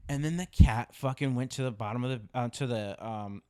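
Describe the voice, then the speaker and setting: A man's voice: mid-range voice, fairly quick, warm tone, clear, resonant tone. A man co-hosting a podcast, telling a story in casual chat, swearing often and repeating himself for emphasis. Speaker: podcast co-host.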